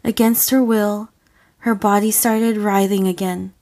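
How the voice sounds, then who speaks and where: Slow, deliberate woman narrator. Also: mid-range voice, steady tone, a little mellow. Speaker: audiofic reader. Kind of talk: scripted audiobook narration.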